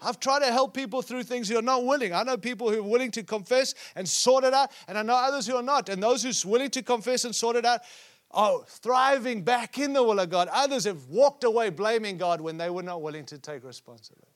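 A man preaching a sermon at a conference, acting out scripture quotes and dropping to a hush at times. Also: very high-pitched, a little fast. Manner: preaching with sudden drops to a hushed voice; acts out quoted speech from scripture stories. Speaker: conference speaker. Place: conference hall.

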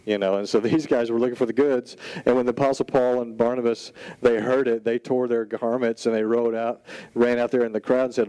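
A man preaching a sermon in an animated, conversational storytelling style, full of casual asides. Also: medium pitch, a little fast, dry recording, low-quality recording. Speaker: pastor.

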